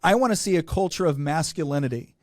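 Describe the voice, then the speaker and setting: A man speaking as a guest in an interview, forceful and indignant, repeating himself for emphasis. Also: a little high, animated, fast, no room sound, clean studio sound. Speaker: guest, state delegate. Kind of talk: passionate interview talk.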